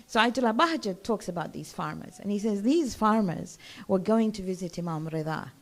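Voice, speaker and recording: A woman's voice: mid-range voice, expressive, a little fast. A woman giving a religious lecture to a gathering, in a conversational way that keeps checking in with her listeners.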